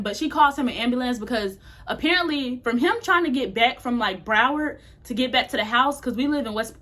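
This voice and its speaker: A woman's voice: fairly high pitch, fairly bright tone. A young woman casually telling a candid, slangy storytime to her camera. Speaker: vlogger.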